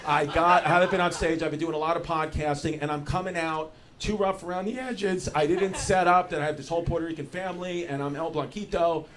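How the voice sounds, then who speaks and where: A man's voice: fairly high pitch, fairly even intonation, fairly quick, few pauses, fairly bright tone. A male stand-up comedian doing loose, rambling crowd work in a comedy club, saying "dude" a lot. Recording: noisy live club recording.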